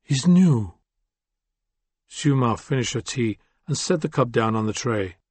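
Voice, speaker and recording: A man narrating a novel in a measured, descriptive reading. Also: mid-range voice, dry recording. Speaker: audiobook narrator. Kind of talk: scripted narration.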